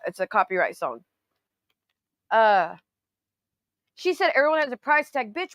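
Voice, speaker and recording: Woman host, highish voice, sarcastic and profane, casual commentary, dry close sound. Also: a bit bright, dry recording. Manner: sarcastic, profane, calls people honey. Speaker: YouTube host reacting to clips.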